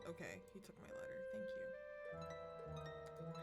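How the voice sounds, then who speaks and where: A woman's voice: fairly low pitch, sing-song, moderate pace. A woman streamer giving sarcastic, laughing commentary while playing a game, often reading game text aloud. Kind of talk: live game-play commentary. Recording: game music playing loudly underneath.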